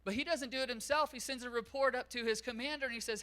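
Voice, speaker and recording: High, bright-voiced preaching man. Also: fast talker. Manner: animated storytelling, acts out quotes. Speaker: pastor. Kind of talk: sermon. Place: church.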